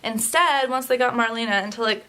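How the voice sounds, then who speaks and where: A woman's voice: fairly high pitch, fairly quick, pushed and bright. A young woman chatting casually to camera in a beauty vlog, candid and a little tired, with plenty of fillers. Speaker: beauty vlogger.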